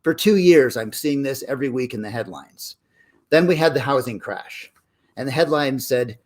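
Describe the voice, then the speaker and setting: A man's voice: mid-range voice, animated, moderate pace. A man co-hosting a casual book club discussion, conversational and storytelling, acting out quoted headlines now and then.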